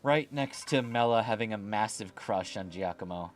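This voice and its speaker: This streamer and VTuber has a voice on the low side and a moderate pace. Playing a video game at home on a desk mic, he chats casually through let's-play commentary, tossing in sarcastic remarks and plenty of opinions.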